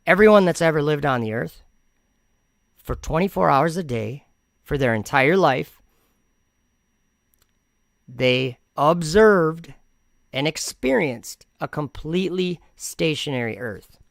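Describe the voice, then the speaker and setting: Man, gravelly, dry close sound, sarcastic, argumentative commentary vlog host. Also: on the high side, a bit bright, dry recording. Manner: rambling with frequent restarts. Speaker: channel host.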